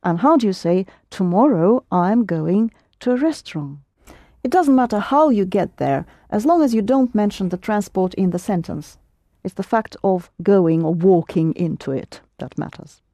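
A woman teaching a lesson, patiently prompting students and correcting them, slowing down to model phrases. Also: medium pitch, expressive, warm tone, dry recording, clean studio sound. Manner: patient, prompting and correcting, slows for Russian words. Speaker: Russian language teacher.

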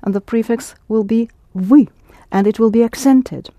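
Woman language teacher, patient, step by step, high mellow voice, dry recording. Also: moderate pace, dry recording. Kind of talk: language lesson.

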